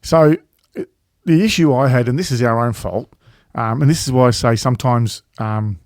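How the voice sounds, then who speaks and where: A man talks through a travel story in loose casual chat, full of ums, restarts and the odd swear word. His voice sits at an ordinary middle pitch. The sound is dry and close, with no room around it. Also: normal speed, darkish tone, dry recording. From Australia. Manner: rambling, swears freely, many fillers and restarts. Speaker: travel vlog co-host.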